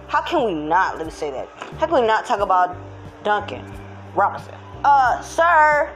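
A woman's voice: fairly high pitch, sing-song, moderate pace, fairly bright tone, faint music behind. A woman hosting her own podcast from home, chatting casually with hype, slang and sing-song chants. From Texas. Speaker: podcast host. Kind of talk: casual morning chat.

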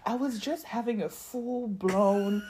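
A woman's voice: on the high side, slow, warm tone, a little hiss or hum. A young woman hosting a podcast, telling a story in casual chat and acting out the quotes with big jumps in her voice. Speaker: podcast host.

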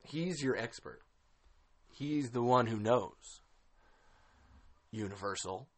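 A man with a mid-range voice hosts a casual film commentary podcast, speaking slowly. He rants in exasperation and swears freely.

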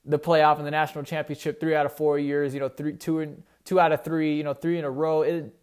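A man's voice: a little high, little pitch movement, fairly quick, a little mellow. A young man hosting a casual solo sports talk show, rambling and correcting himself as he goes. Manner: rambling, self-correcting, conversational. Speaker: sports podcast host.

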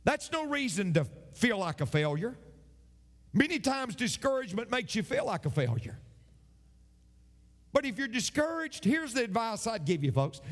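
A man's voice: high-pitched, big-room sound. A man preaching a sermon, emphatic and fond of repeating his phrases for effect. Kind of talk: sermon with a told joke.

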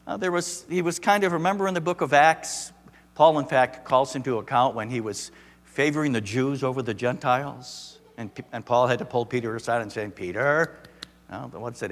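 A man preaching a sermon as a pastor, animated, with emphatic rising peaks and frequent restarts. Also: mid-range voice. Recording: long reverb of a large hall.

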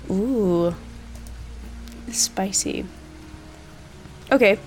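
Woman GM, unhurried and rambling, faint music behind. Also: medium pitch, animated. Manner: chatty, hesitant, many fillers. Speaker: game master. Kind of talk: narrating a tabletop game.

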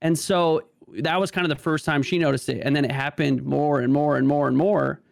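A man's voice: a little high, fairly even intonation, fairly quick, creaky, dry recording, studio quality. A man talking casually as a podcast guest, stammering and restarting often, with many "like" fillers. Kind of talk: casual conversation.

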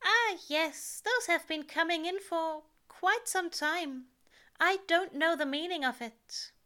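A woman's voice: slow, bright, forceful tone, exaggerated voice. Aziraphale, a woman doing a fussy, breathless angel. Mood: wistful. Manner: high, breathless and eager. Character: fretful, fussy male angel, soft and anxious.

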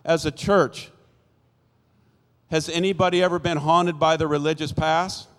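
A man's voice: a little high, steady tone, a little slow. A man in his sixties telling his life story as a church testimony in a folksy storytelling way, acting out the people in it. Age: 60s. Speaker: church speaker giving testimony. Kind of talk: sermon-style personal testimony. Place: church sanctuary. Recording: long church-hall reverb.

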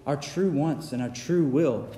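A man's voice: a little high, a little slow, mellow, slight background noise. A man preaching a sermon in an earnest, repetitive way, often stumbling and restarting his sentences. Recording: echoey hall, faint ambience.

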